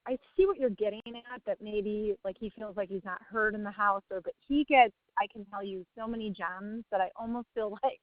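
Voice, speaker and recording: A woman's voice: medium pitch, brisk, few pauses, no room sound, phone-quality sound. A woman in her thirties, a parent asking for advice, rambling and laughing as she hunts for words. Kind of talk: casual chat.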